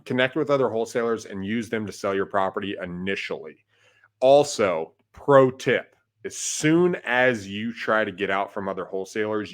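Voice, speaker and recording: A man's voice: lowish voice, fairly bright tone. A man co-hosting a podcast, talking casually and coaching listeners, often tagging his points with "right?" and "like". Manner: conversational, peppers talk with "right?" and "like". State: has the hiccups. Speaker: podcast co-host, wholesaling investor.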